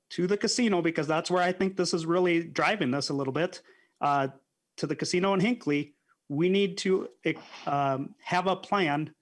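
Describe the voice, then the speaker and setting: A man, a state legislator, arguing firmly in a committee hearing and pressing his points. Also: a little high. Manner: firm, argumentative, repeats points.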